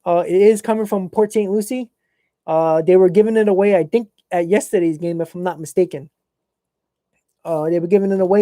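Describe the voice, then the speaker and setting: A man's voice: high voice, mellow, dry recording. A man hosting a casual fan live stream, blunt and opinionated, talking to chat viewers by name.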